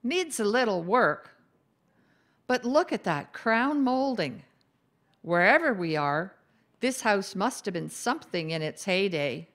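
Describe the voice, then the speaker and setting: A woman voicing a bossy, cheerful female ghost who likes to meddle, in a brisk, upbeat way. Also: mid-range voice, very animated, fairly bright tone.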